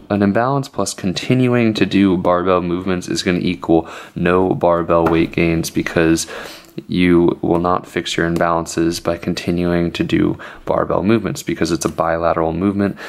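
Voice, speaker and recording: A young man explaining workout advice in a casual vlog, energetic and a little out of breath from excitement. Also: low voice, vocal fry. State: slightly out of breath. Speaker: fitness vlogger.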